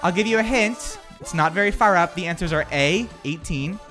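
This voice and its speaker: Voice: medium pitch, normal speed, over music. A quiz host reading out multiple-choice answers and laughing often in a casual chat. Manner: upbeat, laughs often, reads answer options. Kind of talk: casual radio quiz hosting.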